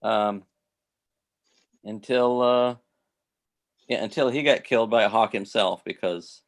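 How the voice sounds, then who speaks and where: Low-voiced man chatting on a call. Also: measured pace, gravelly. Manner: rambling, many restarts and fillers. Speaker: host. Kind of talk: casual video-call chat.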